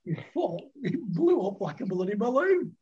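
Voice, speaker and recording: A man's voice: high-pitched, sing-song, normal speed, muffled recording, slight background noise. Older man telling rambling anecdotes. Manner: rambling anecdotes, laughs often. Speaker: guest, former cricketer. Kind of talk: casual storytelling.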